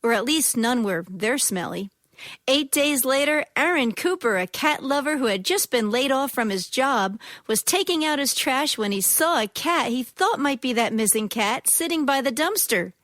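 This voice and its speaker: A woman reads a short news story on radio in a crisp, scripted way. Her voice is high. The sound is dry. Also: expressive, normal speed, a bit bright, no echo.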